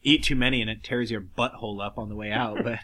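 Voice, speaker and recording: A man's voice: lowish voice, steady tone, fast, crowd noise. A young man co-hosting a podcast, chatting casually and crudely, swearing and laughing often as he rambles. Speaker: podcast co-host.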